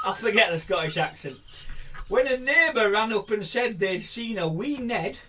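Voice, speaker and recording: A man's voice: high voice, lively intonation, normal speed, background noise. A man co-hosting a casual podcast, reading a news story aloud with giggles and dry asides. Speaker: podcast co-host.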